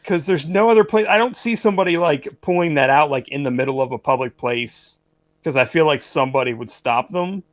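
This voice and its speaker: A man's voice: on the high side, fairly quick, no echo. Rambling man telling a story on a podcast, dry sound. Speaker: podcast co-host. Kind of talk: casual podcast chat.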